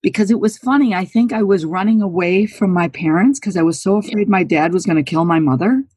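A woman's voice: lowish voice, a little fast, darkish tone, breathy edge, dry recording. A woman in her sixties from New York State, telling her story as an interview guest in an earnest, emphatic, candid way. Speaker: guest, former college golfer.

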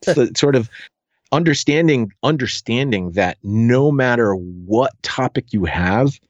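An American man talking as a podcast guest in casual, animated conversation, with frequent fillers and quick restarts. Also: medium pitch, dry recording, highs cut off. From United States.

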